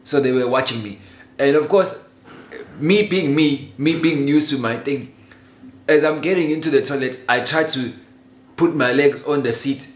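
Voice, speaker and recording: A man telling a childhood story in a casual, animated way, laughing often and swearing freely. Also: on the high side, normal speed. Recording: roomy echo with faint ambient noise.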